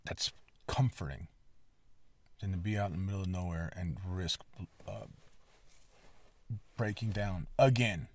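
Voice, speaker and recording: A man's voice: fairly low pitch, a little slow, long pauses. A man hosting a podcast, telling a long story in a casual, rambling way, with a lot of swearing and emphatic asides. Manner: lively, emphatic retelling. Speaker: podcast host.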